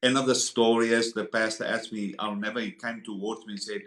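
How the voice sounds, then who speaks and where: A man telling his personal testimony as a podcast guest, earnest and animated, acting out the people he quotes. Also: on the low side, brisk. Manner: earnest, acts out quoted voices in the story. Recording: echoey room.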